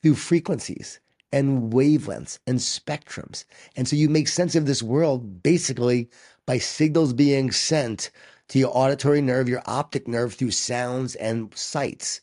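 A man's voice: mid-range voice, unhurried, darkish tone. A man guest speaker talking with energy, telling stories and making points with emphasis. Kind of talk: conversational storytelling.

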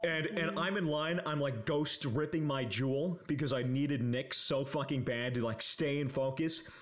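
Speaking at an ordinary pace with a medium-pitched voice, this young male podcast co-host tells a loose, casual story full of filler words, cursing and laughter.

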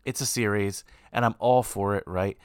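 Man, podcast host, casual chat, upbeat and rambling, low voice, dry close sound. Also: steady tone, normal speed, clear, resonant tone, dry recording. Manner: chatty, upbeat, rambling asides.

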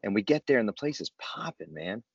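Low male storyteller, laid-back and slangy, dry dull lo-fi recording. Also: big pitch swings, brisk, slightly rough, dry recording. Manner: laid-back, slangy, self-mocking humor. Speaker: guest telling his recovery story. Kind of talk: casual storytelling chat.

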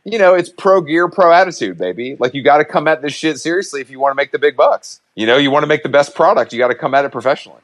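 A man's voice: fairly high pitch, lively intonation, quick pace, few pauses. A man co-hosting a podcast in casual chat, teasing and swearing freely. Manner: profane, teasing. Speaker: podcast co-host.

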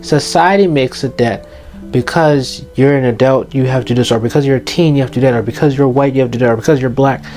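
A man's voice: medium pitch, fast, a little mellow, soft background music. A teenage boy giving passionate, emphatic advice to his viewers in an earnest motivational monologue, repeating his key points. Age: teens. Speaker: youth vlogger giving advice.

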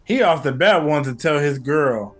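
A man's voice: a little high, normal speed, soft background music. A man hosting a casual film review podcast, swearing and acting out quotes as he tells the story. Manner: profane, animated storytelling with acted-out quotes. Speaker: podcast host.

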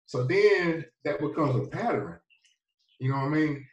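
A man's voice: fairly high pitch, animated, normal speed, dull audio. A man from North Carolina, a pro football player, telling his story as a guest in a laid-back, rambling way full of fillers. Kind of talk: casual storytelling. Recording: roomy, distant from the mic.

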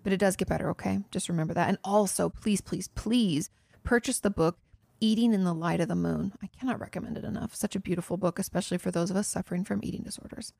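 A woman's voice: lowish voice, fairly even intonation, rapid-fire, vocal fry, few pauses, dark tone, no room sound, clean studio sound. A woman therapist hosting a podcast, answering listener questions in an earnest, direct way, speaking straight to the listener and often restarting her sentences. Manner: restarts and self-corrections.

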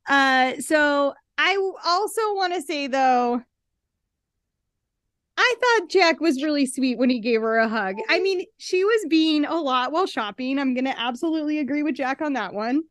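High-voiced chatty woman, sarcastic. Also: lively intonation, normal speed, a bit bright, no echo, studio quality. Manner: chatty, sarcastic, acts out quotes. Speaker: podcast co-host. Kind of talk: casual chat recapping a reality show.

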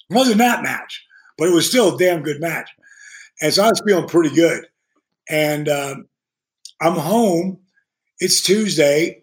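A man who is a guest on a podcast, telling profane, animated stories and acting out the voices of people he quotes. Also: a little high. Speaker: guest, retired pro wrestler. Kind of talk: profane storytelling podcast chat.

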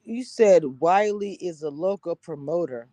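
A woman's voice: fairly low pitch, lively intonation, measured pace, mellow, no echo, rough recording. A woman from Louisiana hosting a casual livestream, chatting with viewers in a sassy, playful, teasing way and laughing often, talking into a phone with headphones on. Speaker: reality TV reviewer, livestream host.

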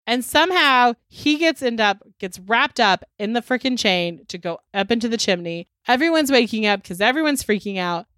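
A woman's voice: a little high, moderate pace, hardly any pauses, no room sound. A woman hosting a podcast, casually recapping a movie with lots of swearing and acted-out lines. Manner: animated, swears freely, acts out characters' lines. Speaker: podcast host.

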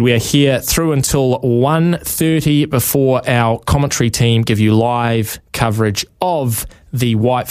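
A man's voice: a little high, darkish tone, clean tone. A man hosting a sports radio show, talking casually with frequent ums. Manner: chatty, many ums and uhs. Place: radio studio.

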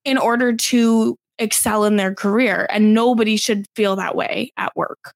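A woman's voice: medium pitch, steady tone, a little slow, gravelly, no echo. A woman co-hosting a podcast in casual, opinionated chat, saying "like" often. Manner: conversational, opinionated, uses "like" often. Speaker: podcast co-host.

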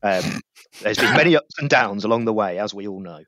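A man's voice: on the low side, lively intonation, fairly quick, fairly bright tone, no echo. A man co-hosting a podcast, reading listener emails with cheery, playful asides. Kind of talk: casual chat and reading aloud. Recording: dry, slightly dull podcast mic.

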